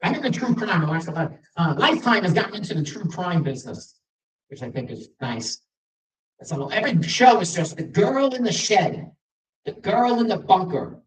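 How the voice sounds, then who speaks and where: A middle-aged man from Long Island, doing a stand-up set with self-deprecating stories and acted-out dialogue. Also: high voice. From Long Island, New York. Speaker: stand-up comedian. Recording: roomy venue, mic from a distance.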